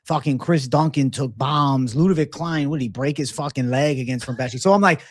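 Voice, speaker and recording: A man's voice: medium pitch, a little fast, dry recording, clean studio sound. A man co-hosting a fight betting show, giving blunt predictions in casual, profane chat and reading out odds.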